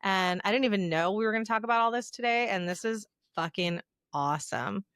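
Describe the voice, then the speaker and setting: A woman's voice: mid-range voice, brisk, fairly bright tone, no room sound, studio quality. A woman hosting a podcast, who affirms her guest and laughs along with what she says. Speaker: podcast host. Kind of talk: casual podcast conversation.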